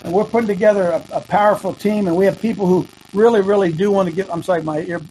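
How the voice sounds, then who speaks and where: A man hosting a talk show, speaking in an earnest, casual monologue that builds into fervent shouting, wearing earbuds. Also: sits high, fairly even intonation, fast talker, a little hiss or hum. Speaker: show host.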